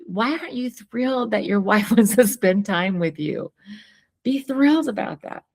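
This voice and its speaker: A woman's voice: medium pitch, normal speed, vocal fry. A middle-aged woman co-hosting a couples talk show, chatting casually and acting out quoted lines with frequent laughter. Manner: animated, acts out quoted lines, laughs often. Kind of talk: casual conversation walking through a worksheet.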